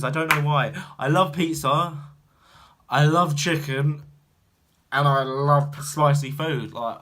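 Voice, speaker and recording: A young British man chatting to camera as a vlogger, rambling and full of fillers, swinging from loud animated bursts to mumbled asides. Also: fairly high pitch, noisy background. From Britain. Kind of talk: casual chat to camera.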